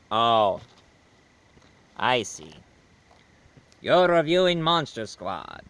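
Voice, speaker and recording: Haughty old vampire count, stately and bright-toned, a man putting it on. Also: fairly high pitch, clean tone, pitched above the performer's own voice, heavily acted.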